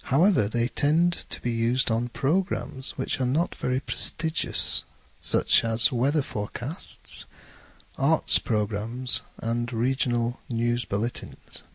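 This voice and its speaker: A man with a Northern English accent giving a measured lesson, careful and correcting himself now and then. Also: mid-range voice, fairly bright tone, slightly rough, no room sound. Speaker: English teacher. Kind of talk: scripted explanatory lecture.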